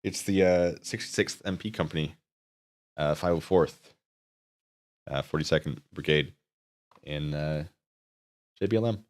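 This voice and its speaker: A man's voice: rumbling low, a little slow, long pauses, a little mellow. A man streaming casually, rambling and joking at his own expense. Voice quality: rambling and self-mocking. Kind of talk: casual live-stream chat. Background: instrumental music.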